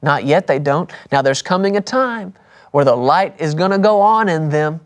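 A man's voice: a little high, animated, moderate pace. Emphatic male preacher, repetitive. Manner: emphatic and repetitive, dropping soft for key points. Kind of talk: broadcast sermon.

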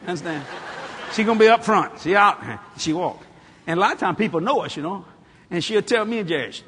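A man preaching in church, telling a funny story in an animated, playful way and laughing often. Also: sits high, fairly quick, slight background noise. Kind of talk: humorous sermon storytelling.

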